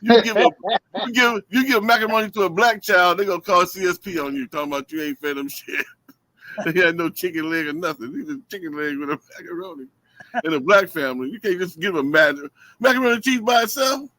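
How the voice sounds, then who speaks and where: Animated high-voiced comic man on a video call. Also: brisk, no room sound, rough recording. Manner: loud, animated, profane and laughing. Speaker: comedian. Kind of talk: stand-up storytelling on a video call.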